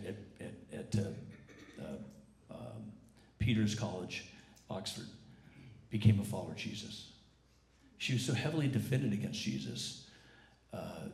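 A male pastor preaching a sermon conversationally, his voice roughened from a recent illness, with frequent restarts and repeated words. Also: lowish voice, warm tone. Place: church service. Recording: echoey church sanctuary.

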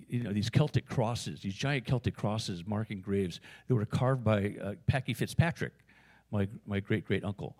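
A man's voice: lowish voice, a little mellow. A man with an American accent preaching a sermon in a conversational, storytelling way, with frequent fillers and asides. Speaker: pastor.

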